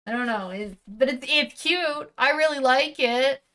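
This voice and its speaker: A woman's voice: high-pitched, unhurried, bright, forceful tone. A woman streamer chatting casually while unboxing, rambling and correcting herself, with a casual swear here and there.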